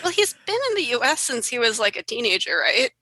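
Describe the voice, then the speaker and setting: Bright, higher-voiced woman podcaster. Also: very animated, fast talker, slightly rough, no room sound, low-quality recording. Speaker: podcast host. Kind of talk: casual book discussion.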